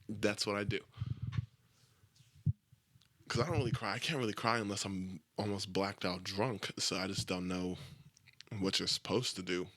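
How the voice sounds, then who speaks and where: A man's voice: lowish voice, moderate pace, pauses often, pushed and bright, dry recording. A young man hosting a solo podcast, talking in a crude, rambling, self-deprecating way with lots of swearing. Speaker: podcast host. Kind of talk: casual solo podcast monologue.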